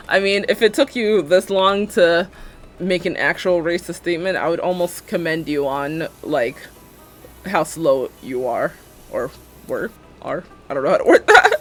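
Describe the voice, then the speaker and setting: Young woman streaming, super animated pitch, sarcastic and giggly, soft music behind. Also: takes it slowly. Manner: sarcastic, laughs often. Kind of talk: casual chat while live-streaming a building game.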